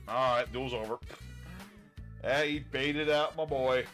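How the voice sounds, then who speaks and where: A man streaming himself playing a card game, chatting casually with viewers and thinking his moves through out loud. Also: mid-range voice, takes it slowly, pauses often, soft background music. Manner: chatty, thinks aloud and talks to chat.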